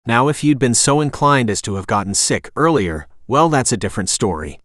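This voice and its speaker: A man with a synthetic narrator voice reading the lines of a calm, firm soldier with a dry sense of humor. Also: medium pitch, fairly quick, no room sound, natural voice. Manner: steady, dryly humorous. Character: calm, firm male soldier caring for her.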